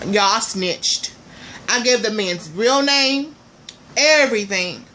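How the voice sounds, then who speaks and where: A woman vlogger telling a story to her viewers in a lively, repetitive way, often talking straight to them. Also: mid-range voice, slow pace, slight background noise. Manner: animated, talks straight to viewers, repeats herself. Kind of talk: storytime monologue.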